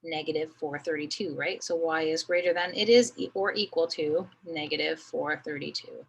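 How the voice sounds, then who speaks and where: A woman's voice: deep voice, steady tone, moderate pace, gravelly, husky, poor audio. A woman teaching a math lesson, thinking aloud as she draws a graph, with many fillers. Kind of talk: recorded screen lesson.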